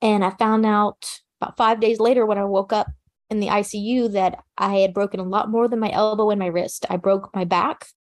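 A woman recounting a personal survival story in an interview, speaking in a calm, practical, matter-of-fact way with casual fillers. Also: medium pitch, brisk. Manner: plain conversational fillers like "you know" and "like". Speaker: interview guest.

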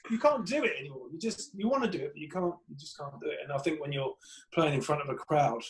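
A man with an Essex accent, a comedian telling lively stories in a casual podcast chat and acting out other people's voices. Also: on the high side, quick pace. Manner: animated storyteller, acts out other people's voices. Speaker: guest, stand-up comedian.

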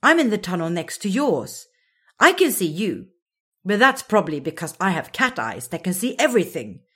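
A woman voicing a loud, boastful young lioness cub who talks emphatically and excitedly in a storybook reading. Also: lowish voice, normal speed, husky, exaggerated voice.

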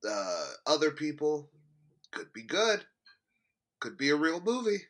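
A man's voice: a little high, sing-song, a little slow, a bit bright. A man co-hosting a movie podcast, chatting casually and laughing often as he teases his friend. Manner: giggly, teasing. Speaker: podcast co-host. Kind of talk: casual chat.

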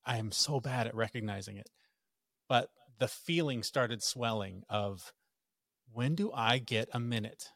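Animated storytelling man, dry sound. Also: mid-range voice, measured pace, vocal fry, no room sound. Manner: storytelling, animated when quoting others. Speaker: podcast guest. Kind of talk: casual podcast conversation.

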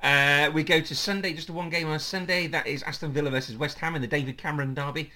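A man's voice: a little high, steady tone, fast, bright, forceful tone. A man hosting a casual football podcast, chatty, with frequent ums and laughs. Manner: chatty, laughs often, fills with um. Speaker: podcast host.

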